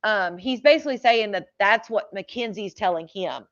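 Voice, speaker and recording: A woman's voice: mid-range voice, lively intonation, normal speed, a bit bright. Chatty woman commentator, dull lo-fi audio. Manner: chatty, with frequent fillers. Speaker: true crime commentator. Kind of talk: casual commentary, reading text messages aloud.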